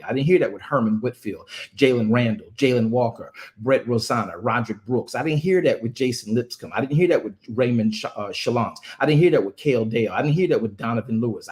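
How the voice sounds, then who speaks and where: A man's voice: medium pitch, darkish tone. Emphatic man delivering impassioned commentary. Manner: emphatic, repetitive, stammers on restarts. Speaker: ministry speaker.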